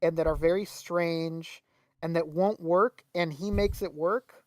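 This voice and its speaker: In a dry recording, a young man with a slightly high voice talks in an unhurried way. He co-hosts a podcast and tells a casual, animated story, swearing freely and acting out what others said.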